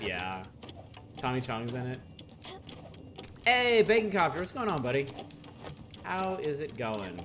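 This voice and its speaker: A talkative man chats with his viewers while streaming a video game, drifting from topic to topic and greeting people by name. His pitch is mid-level but highly animated, swinging widely as he laughs. Clear game music plays underneath. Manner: chatty, rambling, laughs often, greets chat by name. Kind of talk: casual live-stream chat with viewers.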